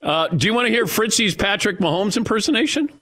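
A man's voice: fast talker, slightly rough. A man hosting a sports radio show, teasing his guest and laughing often. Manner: teasing, laughs a lot, wildly lively pitch. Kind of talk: casual radio banter. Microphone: studio broadcast mic.

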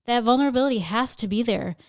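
Sincere woman, smooth voice. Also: fairly high pitch, fast, no echo. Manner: sincere, chatty, uses "like" and restarts. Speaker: podcast co-host. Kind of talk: casual podcast talk.

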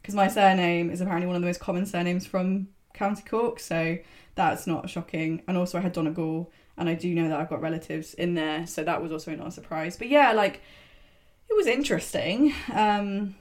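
A woman's voice: lowish voice, fairly quick, darkish tone. A young woman chatting in a breezy, wry way. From southern England. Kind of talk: casual chat.

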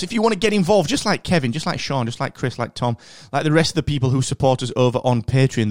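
A man with a Northern English accent hosts a podcast in a chatty, animated monologue that rambles along with fillers and restarts. His voice sits at a middling pitch, and the recording is close and dry, with no room sound. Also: no room sound. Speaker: podcast host.

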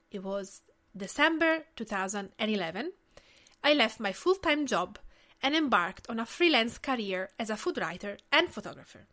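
With a fairly high, slightly bright voice, a late-thirties woman from Tuscany, Italy hosts her own podcast. She speaks with an Italian accent in a scripted, earnest, personal manner.

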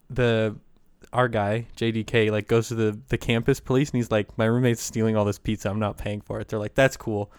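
A male podcast co-host tells a story in a laid-back, casual chat, swearing freely and laughing often. His voice is medium-pitched with a clean tone, recorded in a clean studio with no echo.

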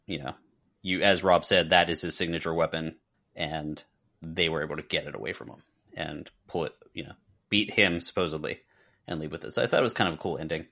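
A man with a very low, deep voice talks through a film in relaxed podcast chat. He rambles, circles back and restarts his sentences, with plenty of filler words. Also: a little fast, creaky. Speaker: podcast co-host. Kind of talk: casual movie review chat.

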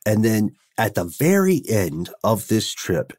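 A man's voice: on the low side, sing-song, a little slow, a little mellow, no echo, studio quality. A man co-hosting a podcast in casual chat, telling a self-deprecating story in a wry anecdotal way. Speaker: podcast co-host.

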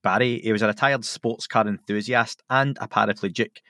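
A man's voice: on the low side, steady tone, brisk, bright, forceful tone, no room sound, studio quality. A Scottish man guesting on a podcast, reading a story aloud in casual chat and breaking off for amused asides. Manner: reads with amused asides, chuckling and chatty.

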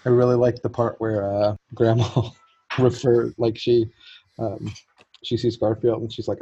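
A man's voice: medium pitch, little pitch movement, a little slow, mellow, breathy edge. A man co-hosting a casual podcast chat with a dry, understated delivery. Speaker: podcast co-host. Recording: dull lo-fi audio.

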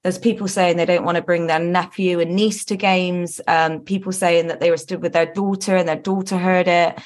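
A woman's voice: on the low side, fairly even intonation, normal speed. A woman co-hosting a football podcast, talking candidly and earnestly with lots of ums and restarts. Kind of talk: casual podcast chat.

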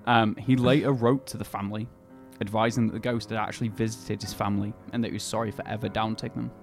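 A man's voice: lowish voice, level tone, fast, faint music behind. A man hosting a casual chat, telling a story in an easygoing, hesitant way. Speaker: podcast host telling the story.

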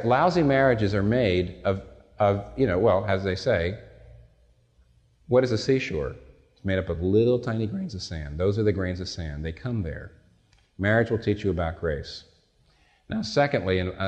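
A man's voice: fairly low pitch, darkish tone. A male pastor preaching a sermon in a conversational, storytelling way, with self-deprecating asides. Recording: long hall reverb.

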